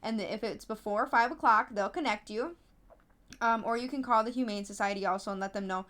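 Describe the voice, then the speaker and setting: Animated chatty woman, slightly high voice. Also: brisk. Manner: animated storytelling, acts out others in high voices; chatty, frequent fillers and restarts. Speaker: podcast host, app founder being interviewed. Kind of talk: casual interview chat.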